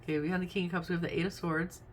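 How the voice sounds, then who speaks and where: A woman's voice: fairly low pitch, level tone, rapid-fire, a little hiss or hum. A woman doing a casual tarot reading, chatty and thinking aloud as she names each card. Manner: chatty, thinks aloud while naming cards. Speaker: tarot reader.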